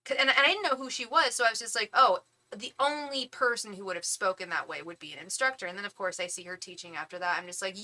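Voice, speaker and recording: Woman stream host, bright tense tone, chatty and animated, venting with quoted asides. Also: medium pitch, brisk. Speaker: tarot reader hosting a live stream. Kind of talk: casual storytelling chat.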